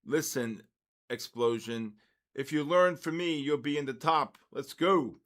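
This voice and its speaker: A man's voice: mid-range voice, a little slow, fairly bright tone. An older man from the Bronx, hosting a live trading stream and chatting casually with viewers between market calls. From the Bronx, New York.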